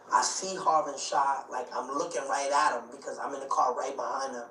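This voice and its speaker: A man telling a tense story as an interview guest. He acts out the voices of the people in it and speeds up at the exciting parts. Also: medium pitch, brisk, hardly any pauses. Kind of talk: animated storytelling. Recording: echoey room, distant mic, faint noise.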